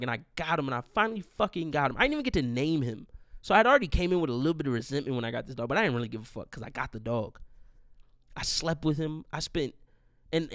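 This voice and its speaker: Recorded with studio quality and no room sound, this young man has a voice on the high side and a bit bright. He hosts his podcast solo, delivering a casual, rambling rant full of profanity.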